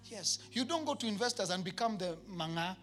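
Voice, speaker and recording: A man with a Kenyan accent preaching a sermon to his church, emphatic, with shouted peaks and comic asides. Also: high-pitched, expressive, brisk, soft background music. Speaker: pastor.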